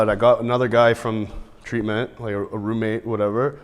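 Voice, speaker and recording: A man's voice: on the low side, flat delivery, a little fast, smooth. Profane man in reverb. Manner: profane, laughs mid-story, acts out quotes. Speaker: podcast guest. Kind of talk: casual storytelling chat.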